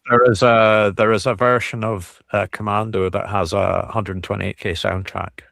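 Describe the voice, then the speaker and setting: A man's voice: lowish voice, level tone, normal speed, creaky, a bit bright, dry recording. A man chatting on a live stream, hesitant with many fillers and a dry sense of humour. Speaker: moderator. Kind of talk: casual chat.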